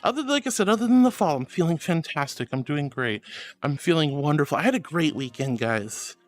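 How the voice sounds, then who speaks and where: A man's voice: on the high side, animated, a little fast. A man streaming casually, reading viewer messages aloud and calling them sweetheart and honey in a gushing, playful way.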